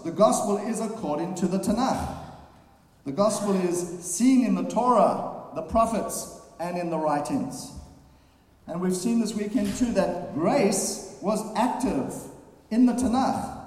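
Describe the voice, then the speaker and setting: A man delivers a sermon in a big, echoing hall, his somewhat high voice ringing with a long reverb tail. He reads scripture aloud and talks at an unhurried pace, pausing with fillers. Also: darkish tone. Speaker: preacher. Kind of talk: sermon summary. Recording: very echoey hall.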